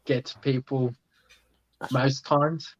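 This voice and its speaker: A man hosting a casual chat, speaking in a measured, matter-of-fact way. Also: medium pitch, flat delivery. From Australia. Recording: dull, dry lo-fi audio.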